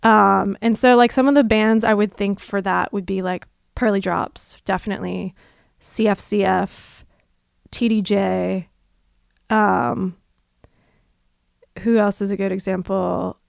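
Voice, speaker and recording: A young woman musician talks through a livestream Q&A at an unhurried, drawn-out pace, trailing into fry at the ends of phrases. Her voice stays clean and smooth under the gravel, and the sound is close and dry, with no room around it. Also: medium pitch, steady tone, no room sound. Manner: reflective, unhurried, many fillers and soft laughs. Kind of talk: casual livestream chat.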